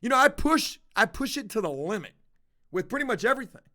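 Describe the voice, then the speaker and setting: A man's voice: very high voice, big pitch swings, fast, pushed and bright. A man livestreaming to his viewers, telling a confessional story in a blunt, profane, casual way. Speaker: livestreaming vlogger.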